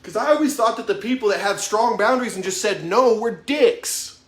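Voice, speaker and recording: A man's voice: sits high, expressive, moderate pace, roomy sound. A man in his thirties giving an impassioned motivational monologue, swearing heavily in a raw, emphatic way. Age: 30s. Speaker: vlogger.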